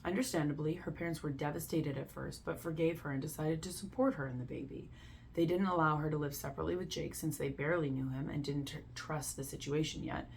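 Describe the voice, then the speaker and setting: A woman's voice: low-pitched, fast, vocal fry, darkish tone, slight background noise. A woman reading Reddit posts aloud and giving blunt, opinionated commentary in a casual way, with lots of "like". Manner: blunt, opinionated, heavy use of "like". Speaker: Reddit story reader and commentator.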